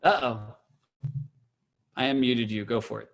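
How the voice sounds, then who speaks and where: Slow, bright-voiced cantor teaching chant. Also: male voice, mid-range voice, vocal fry. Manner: explains briefly, then sings trope words slowly. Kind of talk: online Torah trope lesson. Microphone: video call.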